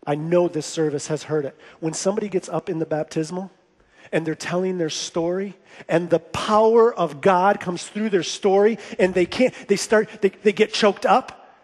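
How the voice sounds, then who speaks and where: A man's voice: sits high, fairly even intonation, normal speed, in a large hall. A male pastor preaching a sermon to a church congregation, speaking in a repetitive, impassioned preaching cadence. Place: church sanctuary.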